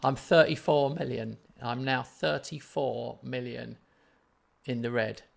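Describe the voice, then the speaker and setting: A man's voice: medium pitch, takes it slowly, gravelly. A man streaming a football management game, chatting and teasing his co-player. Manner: banter-filled, animated, teasing. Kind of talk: casual gaming chat.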